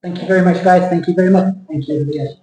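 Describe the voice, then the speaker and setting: A man's voice: high voice, steady tone, very fast, warm tone, faint music behind. A man teaching a casual lesson, explaining by example and switching into Thai. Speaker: English teacher. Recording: echoey room, faint noise.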